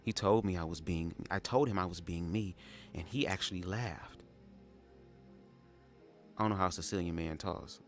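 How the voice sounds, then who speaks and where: Male reader, low voice, live read-aloud with sassy asides; faint music. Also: normal speed, pauses often. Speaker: reader of a memoir.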